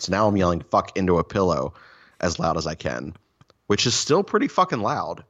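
Deep-voiced man telling profane rambling stories. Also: lively intonation, fairly quick, muffled recording. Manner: profane, rambling, self-mocking storytelling. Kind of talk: casual storytelling chat.

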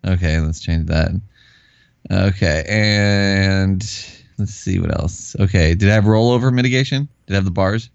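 Low-voiced man, easygoing co-host. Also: moderate pace, creaky, no room sound, dull audio. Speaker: talk show co-host. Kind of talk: casual podcast chat.

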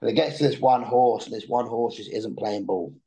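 Brisk and mid-range in pitch, a young man appears as a podcast guest, telling a long story in casual chat. He's an animated storyteller who restarts and repeats words when launching sentences, and the audio is poor.

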